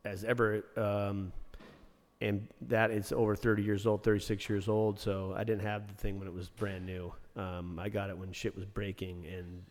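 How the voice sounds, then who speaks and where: A man's voice: lowish voice, flat delivery, normal speed, big-room sound. Blunt, profane man ranting. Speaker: former ice rink general manager. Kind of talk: casual podcast chat.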